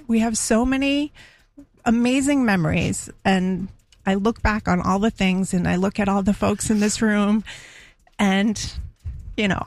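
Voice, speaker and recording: A mid-pitched woman gives a measured, emotional on-air tribute to a longtime colleague. She speaks softly and steadily. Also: no echo. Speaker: radio colleague. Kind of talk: heartfelt tribute on live radio.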